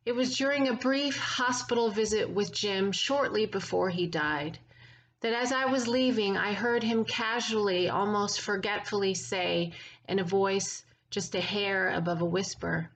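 Woman priest, memorial sermon, unhurried gentle delivery, faint room ambience. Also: mid-range voice, a little hiss or hum, poor audio. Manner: slow, gentle, reflective delivery with lingering pauses.

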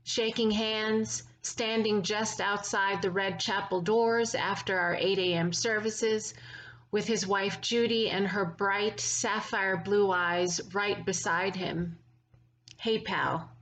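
Woman priest, memorial sermon, unhurried gentle delivery, faint room ambience. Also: medium pitch, steady tone, a little hiss or hum, low-quality recording. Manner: slow, gentle, reflective delivery with lingering pauses.

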